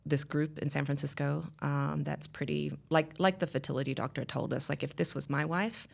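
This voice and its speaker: Woman, 30s, podcast guest; low, strongly gravelly voice, earnest, rambling delivery. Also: fairly even intonation, moderate pace. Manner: earnest, rambling with many restarts and fillers. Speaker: guest telling her story. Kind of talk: podcast interview, personal story.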